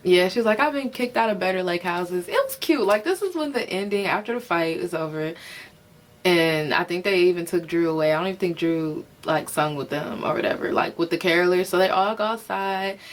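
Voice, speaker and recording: A woman's voice: on the low side, a little fast. A tired woman casually reviewing a reality TV episode, rambling with lots of fillers, swearing, and giggling. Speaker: reality TV recapper.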